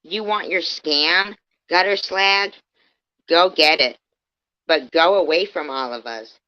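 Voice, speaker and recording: A woman's voice: lowish voice, slow pace. Profane woman ranting angrily on a livestream. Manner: profane, heated, swings from muttering to loud outbursts. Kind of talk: angry ranting livestream commentary. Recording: dull lo-fi stream audio.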